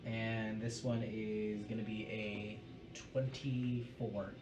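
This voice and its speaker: A man's voice: lowish voice, little pitch movement, takes it slowly, dull audio. Man running a tabletop game in a roomy space. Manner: methodical, calls out dice rolls and damage numbers. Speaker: game master. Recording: roomy, distant mic with music behind. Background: music.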